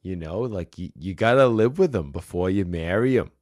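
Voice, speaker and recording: A man putting on a chatty, well-meaning Boston-accented woman working a rental counter, with a loud, rising delivery. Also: low voice, lively intonation, normal speed, no room sound, clean studio sound. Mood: flustered. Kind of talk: impression in an anecdote.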